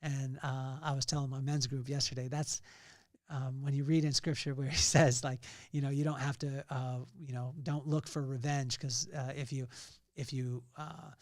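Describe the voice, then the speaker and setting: A man's voice: mid-range voice, flat delivery, moderate pace, dry recording, studio quality. A middle-aged man hosting a podcast, giving an earnest faith-based motivational talk with personal storytelling. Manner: earnest storytelling, rising to loud emphasis. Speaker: podcast host.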